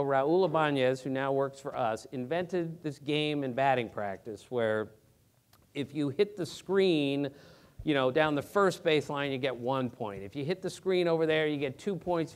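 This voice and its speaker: A middle-aged man, a sports reporter, telling lively anecdotes to a theater audience in quick, emphatic bursts. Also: a little high. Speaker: sports reporter giving a talk. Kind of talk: anecdotal storytelling presentation. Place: theater auditorium.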